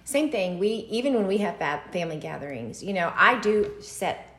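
A woman's voice: medium pitch, lively intonation, moderate pace, a bit bright, slight background noise. A woman in her fifties co-hosting a parenting podcast, speaking affirmingly and summing up the talk. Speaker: podcast co-host, mother of adult children. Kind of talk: casual chat. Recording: roomy echo.

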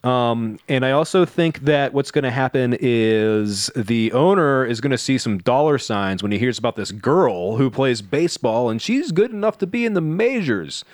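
A man's voice: mid-range voice, lively intonation, moderate pace, hardly any pauses, dry recording, studio quality. A man co-hosting a comedy podcast, chatting casually and reading stage directions in a rambling, jokey way. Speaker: podcast co-host, narrator.

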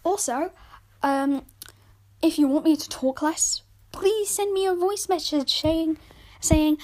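High-pitched woman reading a story on her podcast, chatty, fixes her own slips as she goes. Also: slow pace, pauses often, a little mellow. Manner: chatty, self-correcting, informal. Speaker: podcast host reading a novel aloud.

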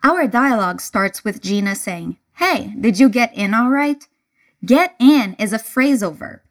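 Woman, English teacher, repeat-after-me lesson, unhurried, animated delivery. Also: fairly high pitch. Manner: clear, deliberate, breaks phrases into single words.

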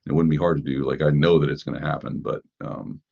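Very deep-voiced man, casual commentary. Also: fairly even intonation, fast, creaky, a little mellow, breathy edge. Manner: conversational, rhetorical questions, frequent fillers. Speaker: podcast host. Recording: dull lo-fi sound.

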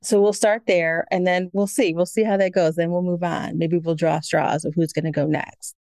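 A woman's voice: fairly low pitch, steady tone, normal speed, creaky, darkish tone, no echo, clean studio sound. A woman co-hosting a podcast in a casual, bubbly chat, laughing often as she talks. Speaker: podcast co-host.

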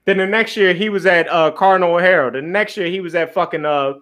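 A man's voice: high-pitched, fast, fairly bright tone, smooth. A man from Philadelphia telling a laid-back, profane story in casual chat.

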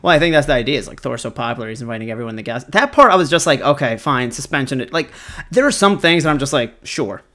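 A man's voice: medium pitch, lively intonation, racing, pushed and bright. A man in casual podcast chat, laid-back and joking.

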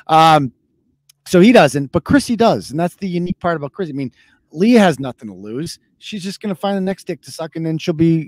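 A man's voice: high-pitched, darkish tone, no room sound. Sarcastic, foul-mouthed male podcast host. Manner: profane, sarcastic, mocking. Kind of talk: casual live-show rant.

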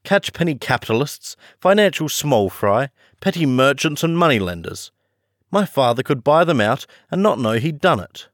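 A man's voice: medium pitch, very animated, normal speed, no room sound, studio quality, voice pushed up. A man voicing a boastful, scornful rich teenage schoolboy in a storybook reading. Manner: scornful, confiding.

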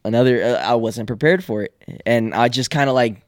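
A young man, a comedian, talking fast and loosely with plenty of swearing in a casual podcast chat. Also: mid-range voice, no room sound, studio quality. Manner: talks fast, swears a lot. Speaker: guest comedian.

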